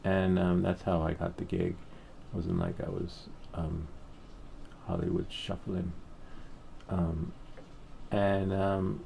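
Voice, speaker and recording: A man's voice: low voice, flat delivery, takes it slowly, creaky, long pauses, warm tone, slight background noise. A middle-aged man hosting a hobby painting channel, telling a rambling, candid story in a casual way with the odd curse word. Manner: rambling, candid, occasional swearing.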